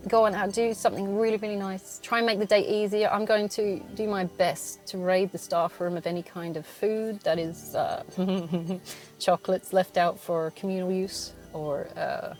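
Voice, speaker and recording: A woman's voice: fairly low pitch, darkish tone. Woman in her thirties, podcast host, chatty solo talk from a car, frequent laughs and swearing, faint music and engine hum behind. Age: 30s. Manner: laughs often, swears, chatty and self-mocking. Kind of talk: casual solo chat while driving.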